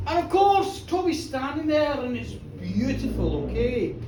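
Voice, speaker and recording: A woman storyteller at a live pub show, chatty and lively, often checking in with her listeners. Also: high voice, measured pace, few pauses, noisy background. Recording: roomy pub from far off.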